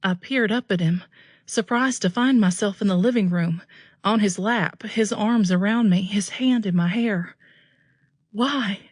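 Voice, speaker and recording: A woman's voice: medium pitch, moderate pace, no echo, clean studio sound. Woman narrating a romance audiobook. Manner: first-person, steady storytelling.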